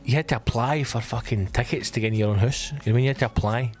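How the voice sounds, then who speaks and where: A man's voice: medium pitch, racing, faint music behind. Sweary ranting Scottish man. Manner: sweary, ranting, animated storytelling. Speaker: comedian podcast host. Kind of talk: casual comic monologue.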